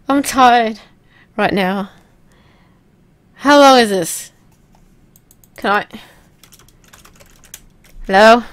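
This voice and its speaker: A young woman casually commenting while playing a video game, chatty and self-mocking, now and then letting out loud whoops. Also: mid-range voice, slow, pauses often. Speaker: let's play gamer.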